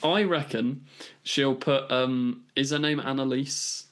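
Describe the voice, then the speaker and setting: A man's voice: mid-range voice, steady tone, slow, a bit bright. Teasing man, podcast host. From Wales. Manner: teasing, jokey. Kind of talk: casual podcast banter.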